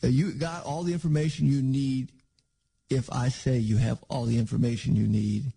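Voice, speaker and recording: Stern touchy archangel guy scolding loud and high, gravelly edge, preacher doing the voice. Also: expressive, moderate pace, exaggerated voice. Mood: indignant. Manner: scolding, raised and emphatic. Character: stern indignant male archangel, easily offended.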